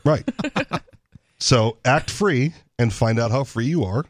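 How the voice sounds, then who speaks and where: A man co-hosting a casual talk radio show, trading quick remarks. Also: medium pitch, animated, no room sound, clean studio sound. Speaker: radio co-host. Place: radio studio.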